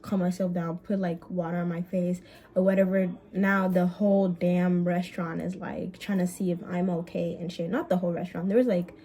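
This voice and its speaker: A young woman vlogger telling a story in casual chat, animated and swearing, with quick bursts and drawn-out words. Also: fairly low pitch.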